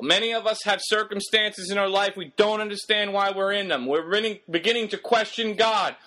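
A man's voice: sits high, fairly even intonation, fairly quick, few pauses, pushed and bright. A man preaching a sermon in an emphatic, exhorting way, firing rhetorical questions at the congregation.

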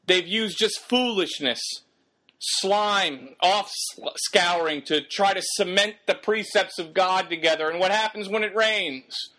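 A man's voice: sits high, sharp tone. A man preaching a sermon in an emphatic, exhorting way, firing rhetorical questions at the congregation.

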